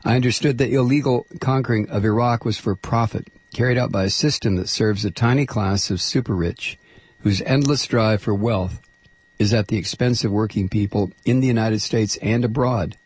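A man's voice: lowish voice, moderate pace, darkish tone, husky, dry recording. A man hosting talk radio, reading quotes aloud and commenting with frequent hesitant fillers. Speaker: radio host.

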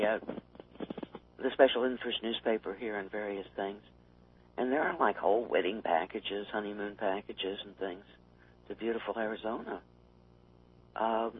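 A man chatting on a talk radio show, wry and quick to laugh at his own remarks. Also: lowish voice, a little hiss or hum. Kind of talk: casual political talk radio chat. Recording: tinny phone line.

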